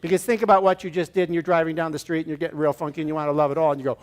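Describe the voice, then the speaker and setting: This is a man with a notably high voice giving an inspirational talk to a church audience. He is animated, slipping into little acted scenes and drawing the room into a shared gesture. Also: rapid-fire. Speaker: guest speaker at a church service.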